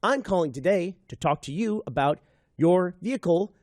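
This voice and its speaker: A man imitating a polite woman telemarketer who reads a script with odd little pauses. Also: sits high, expressive, a little mellow, dry recording, clean studio sound. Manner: smooth, scripted, oddly paused.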